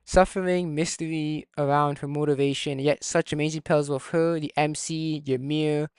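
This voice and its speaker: A man's voice: a little high, little pitch movement, moderate pace, clear, resonant tone, dry recording, clean studio sound. Heated man arguing in casual chat. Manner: heated, argumentative, reads points from notes. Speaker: video talk participant.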